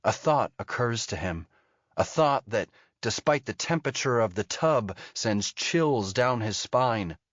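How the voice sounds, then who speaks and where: Man reading an audiobook slowly, lowish voice, kinda dull lo-fi sound. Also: lively intonation, no room sound. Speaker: audiobook narrator. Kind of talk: scripted narration.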